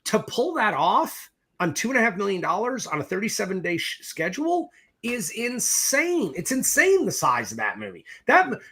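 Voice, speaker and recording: A middle-aged man tells stories from his film career with a bright, forceful tone and a lively voice that swoops up and down. He is profane and animated, acting out both sides of each conversation. He sits somewhat high for a man. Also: moderate pace, breathy edge. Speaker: film director, interview guest. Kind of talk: animated storytelling in a casual interview.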